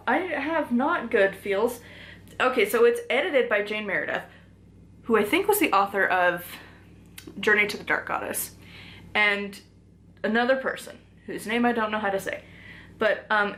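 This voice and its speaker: A woman's voice: on the high side, bright, forceful tone. A woman chatting casually through a book haul, full of "like" fillers and small laughs. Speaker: book reviewer.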